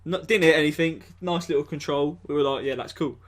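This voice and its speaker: A man's voice: a little high, fairly quick. Laid-back, sweary young guy. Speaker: podcast co-host. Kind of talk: casual chat.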